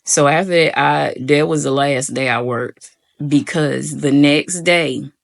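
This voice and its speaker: Speaking slowly in a deep voice with vocal fry, this young woman vlogs a personal story for her viewers. She rambles casually, fills her sentences with "like," and addresses everyone as "y'all."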